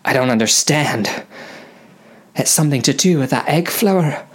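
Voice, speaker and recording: A man voicing a bossy woman crew member, brisk and commanding. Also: fairly high pitch, lively intonation, pitched above the performer's own voice. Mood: alarmed.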